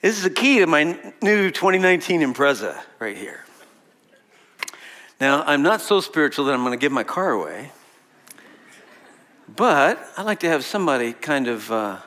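Lively, chatty male pastor. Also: on the high side, moderate pace, pauses often. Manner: conversational, asks the audience questions, laughs often. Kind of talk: sermon. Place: room with an audience.

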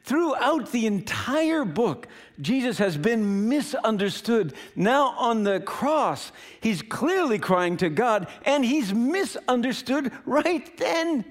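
A male pastor preaching a sermon in a dramatic, emphatic way that swings between loud and quiet. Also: extremely high pitch, sing-song, slow pace.

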